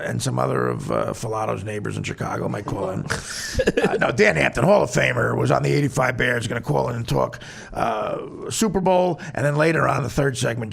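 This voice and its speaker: A man's voice: medium pitch, vocal fry. A man hosting a comedy podcast, telling crude, rambling stories in casual banter. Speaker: podcast host.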